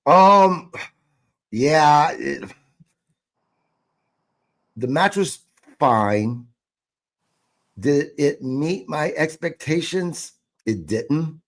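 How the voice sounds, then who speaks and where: A man's voice: medium pitch, animated, drawn-out words, pauses often. Blunt, profane male podcast host. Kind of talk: casual podcast chat.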